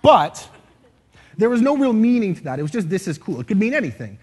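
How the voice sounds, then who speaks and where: A playful man leads a live audience through a speaking exercise, his voice a little husky. His pitch swings widely as he acts out lines in different tones. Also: very animated, brisk. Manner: playful, demonstrative, shifts voice to show expression. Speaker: speaker leading an audience activity. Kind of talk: interactive stage talk. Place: stage before a live audience.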